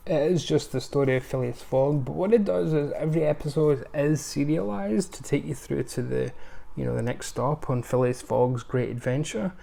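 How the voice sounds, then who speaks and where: A man's voice: mid-range voice, creaky, warm tone. A man giving a casual, rambling review of his film purchases, with many ums and restarts. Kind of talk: casual unscripted haul review.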